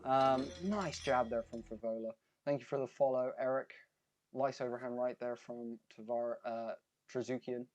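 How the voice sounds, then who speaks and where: A man's voice: medium pitch, fairly even intonation, normal speed, darkish tone. A young man from America with an accent mixed between American and British, co-hosting a live fight stream in a laid-back way and reading out the chat. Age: young adult. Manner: laid-back, reads chat aloud, says mate and bro. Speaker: stream co-host.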